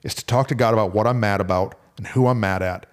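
A man, a pastor, co-hosting a casual faith podcast in a relaxed, conversational way. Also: fairly low pitch, fast talker. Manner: relaxed and conversational, slips into animated quoted voices.

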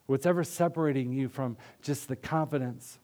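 A man preaching a sermon in an earnest, conversational way, often dropping his voice softly. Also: mid-range voice, moderate pace. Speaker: pastor.

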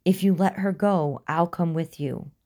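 A woman's voice: fairly low pitch, a little slow, dark tone, lightly acted. A woman voicing a frightened young man who whispers tensely and pleads desperately to save his friend.

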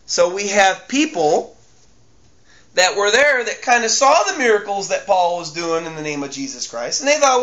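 Sex: man. Role: pastor. Style: emphatic sermon with repeated phrases. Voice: high and bright. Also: big pitch swings, normal speed.

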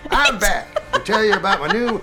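An actor playing a deadpan man posing as a colonel in a TV commercial, offhand and flat, with no accent put on. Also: high-pitched, normal speed, loud music behind the voice. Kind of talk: TV commercial acting.

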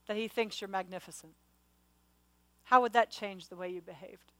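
A middle-aged woman preaching a sermon, her questions swelling into loud, urgent exhortation. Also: mid-range voice, normal speed, pauses often, poor audio. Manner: passionate, rising to loud exhortation.

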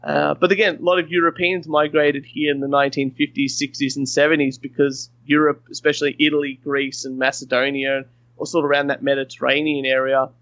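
Australian man, higher voice, dull dry sound. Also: little pitch movement, a little fast, fairly bright tone, no room sound. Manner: rambling, many restarts, chatty. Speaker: podcast guest. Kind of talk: casual chat.

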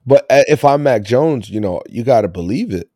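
A man's voice: medium pitch, expressive, fairly quick, mellow, dry recording, studio quality. A man hosting a casual sports podcast, talking in a loose, rambling way and laughing often. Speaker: podcast host.

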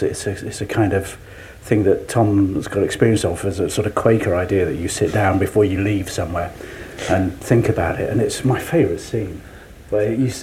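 A man's voice: fairly low pitch, warm tone, slight background noise. A man speaking as an actor on a panel, sharing anecdotes with laughing asides. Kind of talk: panel discussion.

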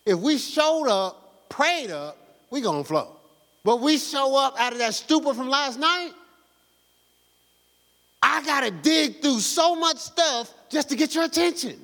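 A man's voice: extremely high pitch, animated, a little slow, pushed and bright, long reverb tail. A male pastor preaching a sermon in a fervent, conversational, slangy way, exhorting his congregation.

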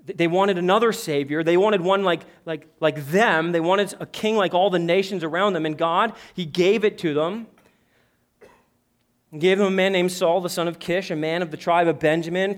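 High-voiced preacher man, emphatic. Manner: emphatic, rising and dropping to a hush. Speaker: pastor. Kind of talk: sermon.

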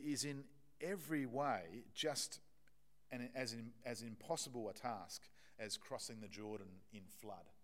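Male preacher, mid-pitched voice, chatty emphatic sermon, restarts and fillers. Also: a bit bright.

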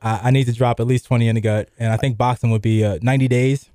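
A middle-aged man hosts a sports radio show, chatting loosely and rambling with plenty of fillers. His mid-range voice has a dark tone and fairly even intonation, and he talks quickly. It's a clean studio-microphone recording with no room sound.

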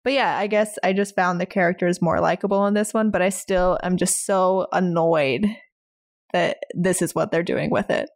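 A woman's voice: fairly low pitch, fairly even intonation, normal speed. Female podcast co-host, chatty and hedging, casual. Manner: chatty, laughs often, hedging with "like". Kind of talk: casual film review chat.

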